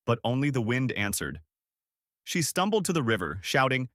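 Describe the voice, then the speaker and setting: Brief: male storyteller, lively dramatic delivery, dry close sound. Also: mid-range voice, moderate pace, no room sound. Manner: dramatic, emotional. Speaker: narrator. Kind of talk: first-person storytelling narration.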